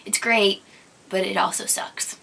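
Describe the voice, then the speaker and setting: A young woman from Minnesota hosts her own vlog, casually chatting and answering viewer questions. Her mid-range voice is bright and forceful with vocal fry, delivered flatly and a little slowly, and she's giggly and hesitant, full of ums.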